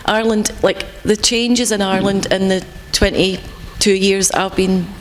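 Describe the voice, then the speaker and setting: A woman on a panel, chatting and telling stories with lively ease. Her voice rings with a long hall reverb, and a faint noise sits underneath. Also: medium pitch, a little slow. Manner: chatty, animated storytelling. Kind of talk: panel discussion.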